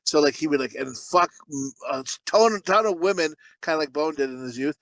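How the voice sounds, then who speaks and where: A man's voice: on the high side, animated, fairly quick, gravelly, a bit bright, no echo. A man co-hosting a casual movie podcast, rambling and laughing as he cracks crude jokes. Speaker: podcast co-host.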